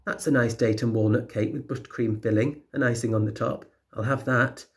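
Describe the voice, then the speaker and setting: A man's voice: medium pitch, steady tone, a little fast, close to an everyday voice. A sly grown-up woman burglar with a middling voice, as a man reads her aloud. She speaks plainly in a children's storybook reading.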